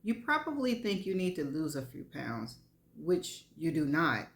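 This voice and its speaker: A woman's voice: low-pitched, very animated, measured pace, full character voice. A woman voicing a confident, teasing middle-aged man in a story reading, reassuring and playful. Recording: echoey room.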